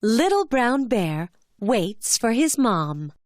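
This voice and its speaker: A woman's voice: fairly high pitch, big pitch swings, takes it slowly, no echo, studio quality, soft background music. Lilting woman narrating a children's cartoon. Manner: clear, gentle storytelling with a lilting delivery.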